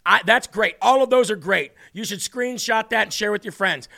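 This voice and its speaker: A male host of a political commentary livestream speaks with emphatic force. His voice sits high and sounds bright and forceful. He drives his points home and ends on rousing sign-offs. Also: normal speed, creaky.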